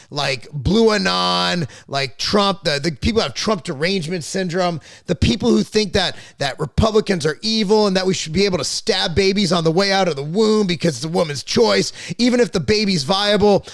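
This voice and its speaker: His voice sits high, gravelly and fairly bright, captured cleanly in a studio without room sound. As a podcast host in casual political conversation, he's outspoken and long-winded, swearing occasionally and frequently starting sentences over or repeating words.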